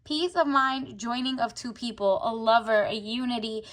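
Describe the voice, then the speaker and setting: Woman, high-pitched, chatty tarot reader, slangy, casual. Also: fairly even intonation, moderate pace. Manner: chatty, slangy, acts out the viewer's inner voice.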